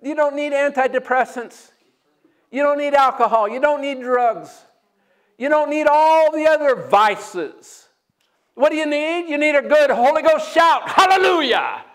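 A man preaching a sermon as pastor, energetic and joking, breaking into loud shouts. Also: extremely high pitch, unhurried.

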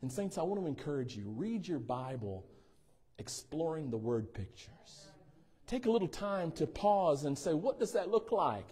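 A man's voice: a little high, sing-song, normal speed, dark tone, breathy edge. A male pastor preaching a sermon in a church, teasing and checking in with the congregation. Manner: playful, teasing asides, asks congregation for responses. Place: church sanctuary.

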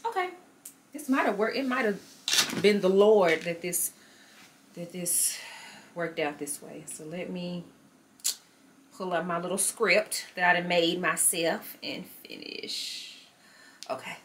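A woman's voice: on the low side, slow pace, pauses often, slight background noise. A woman vlogging casually to camera, chatting with her viewers as "y'all" and talking herself through her frustrations. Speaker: lifestyle vlogger.

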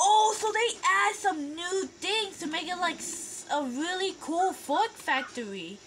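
A woman giving live commentary as she plays a video game, full of gasps and excited squeals. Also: extremely high pitch, slow, slight background noise. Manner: excitable, gasping, squealing reactions. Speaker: gameplay vlogger.

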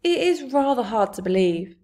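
A woman's voice: on the high side, sing-song, normal speed, mellow. Woman reading as a curious little girl, polite, eager questions, storybook.

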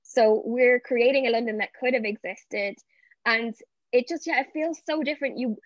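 A woman's voice: on the high side, normal speed, dry recording. A woman being interviewed as an actress over a video call, answering fluently and reflectively. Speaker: actress guest. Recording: dull lo-fi, dry.

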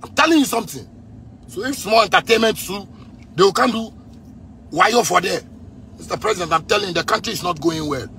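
A man in his thirties with a Ghanaian Pidgin English accent rants at full force, shouting and repeating his points again and again. His voice sits high and sounds bright and gravelly. A faint hiss of background noise runs under the recording. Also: lively intonation, brisk, long pauses. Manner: repetitive, shouting, fiery. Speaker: musician ranting on video. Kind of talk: angry rant.

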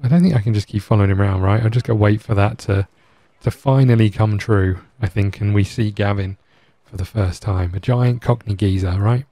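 A man's voice: fairly low pitch, a little fast, hardly any pauses, dark tone, no echo. Chatty man streaming a game. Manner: chatty, joking, rambling. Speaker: gaming streamer. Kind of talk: casual game commentary.

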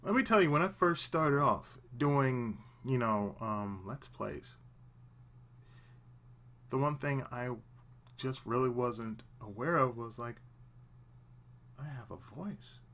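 A man's voice: medium pitch, animated, slow, a bit bright. A man hosting a let's play channel, giving earnest, emphatic advice in casual talk and often repeating himself for emphasis. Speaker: let's play host, aspiring voice actor.

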